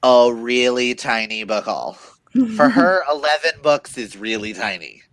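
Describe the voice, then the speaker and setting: A man co-hosting a reading livestream, chatting casually and telling animated stories while laughing often. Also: mid-range voice, unhurried. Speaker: livestream co-host.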